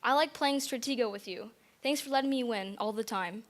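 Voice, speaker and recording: A woman's voice: on the high side, fairly quick, crowd noise. A teenage girl giving a nervous, giggly thank-you speech at her bat mitzvah in a synagogue, holding back tears. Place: synagogue sanctuary.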